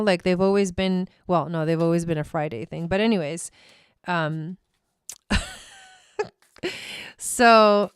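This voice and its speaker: A woman's voice: mid-range voice, clear, resonant tone, dry recording, studio quality. A woman hosting a live tarot stream from home, chatting casually, swearing freely and laughing often. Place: her home.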